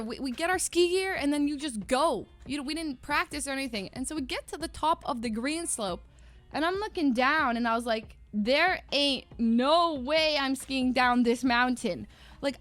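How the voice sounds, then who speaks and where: A young woman livestreamer telling a story in a casual, animated way, laughing often and acting out quotes in a higher voice. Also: no room sound. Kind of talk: casual storytelling to stream chat.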